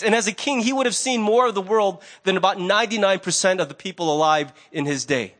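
High-voiced man preaching a sermon. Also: fairly quick, hardly any pauses. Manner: conversational, animated storytelling. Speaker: pastor.

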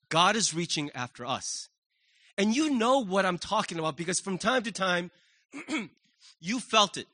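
A man preaching a sermon as pastor, animated and acting out the voices he quotes. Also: sits high. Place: church sanctuary.

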